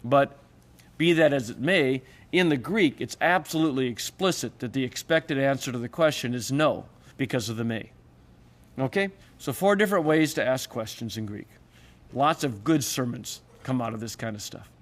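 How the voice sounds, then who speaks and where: A man's voice: lively intonation, moderate pace. Man lecturing on Greek grammar. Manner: explanatory, acts out quoted questions with raised pitch. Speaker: Greek teacher. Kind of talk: recorded classroom lecture.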